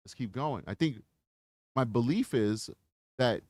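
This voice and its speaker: A man hosting a true-crime livestream, talking to his chat in an animated, mocking way. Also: mid-range voice, unhurried, no room sound, studio quality. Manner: animated, mocking, chats with viewers. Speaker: livestream host.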